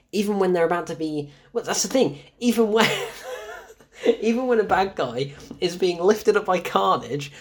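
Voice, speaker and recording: A film reviewer ranting casually and sarcastically about a movie, exasperated, laughing at it, rambling through restarts. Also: mid-range voice. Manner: rambling with frequent restarts and fillers.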